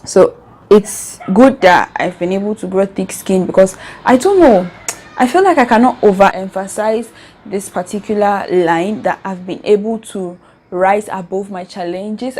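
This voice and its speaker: A woman's voice: medium pitch, dark tone. Young Nigerian-accented woman, vlogger, earnest and emotional, mid-range voice. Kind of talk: casual reflective vlog.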